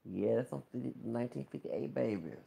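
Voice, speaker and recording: A man's voice: medium pitch, a little fast, vocal fry, warm tone, husky. A man in his thirties giving a casual, rambling gossip commentary to his viewers, full of exclamations and asides. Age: 30s. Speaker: vlogger.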